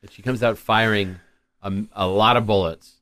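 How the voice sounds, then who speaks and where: A man co-hosting a casual movie discussion, trading sardonic, deadpan quips. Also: fairly low pitch, moderate pace, dry recording. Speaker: podcast co-host.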